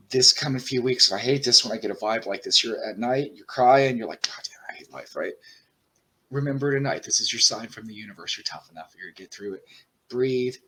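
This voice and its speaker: A man's voice: mid-range voice, bright, forceful tone, slight background noise, rough recording. A man giving a casual tarot reading straight to the viewer, rambling and reassuring as he talks. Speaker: tarot reader.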